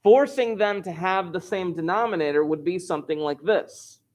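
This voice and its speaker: A man's voice: sits high, moderate pace. Chatty, joking male math teacher. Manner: joking, chatty, talks back to students. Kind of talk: live online class lesson.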